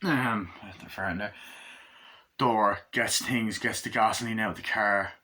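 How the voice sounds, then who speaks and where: A bright, sharp-toned young man gives a casual movie review. He rambles, swears freely and acts out the scenes he describes. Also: on the low side, fairly even intonation, a little slow, slight background noise.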